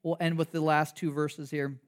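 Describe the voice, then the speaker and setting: This pastor's voice is a little high and moves at a moderate pace as he gives a chatty sermon. Lively and joking, he asks rhetorical questions and keeps using fillers and starting his sentences over.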